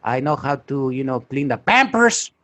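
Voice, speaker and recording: A man's voice: medium pitch, big pitch swings, moderate pace, bright, forceful tone, no room sound. A man voicing an older Mexican uncle with a heavy Mexican Spanish accent, calling about a nanny job and bragging about his skills. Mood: boastful. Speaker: podcast co-host.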